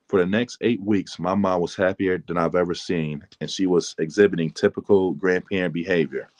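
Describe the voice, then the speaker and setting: A man reads aloud from his own memoir in a calm, measured way. His voice is very deep. The recording is dry and close, with no room sound. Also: no echo. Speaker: author reading his book. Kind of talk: memoir reading.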